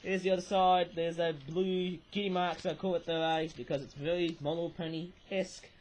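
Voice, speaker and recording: A man's voice: fairly high pitch, little pitch movement, moderate pace, slight background noise, poor audio. Chatty British man with a cold. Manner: rambling, chatty, many fillers and tag "eh?". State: cold and sore throat. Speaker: toy reviewer. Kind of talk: casual toy review chat. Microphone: webcam.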